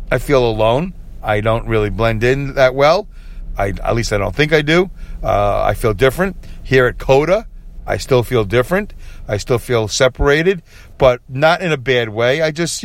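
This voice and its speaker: Tired man rambling on his podcast. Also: mid-range voice. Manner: rambling, candid, many fillers and restarts. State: tired, yawning. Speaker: podcast host. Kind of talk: late-night solo podcast monologue.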